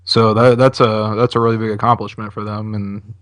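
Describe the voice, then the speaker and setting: Male host, low and even, calmly informative; dry studio sound. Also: brisk, dry recording. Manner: steady, informative, flat delivery. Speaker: podcast host. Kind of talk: casual chat.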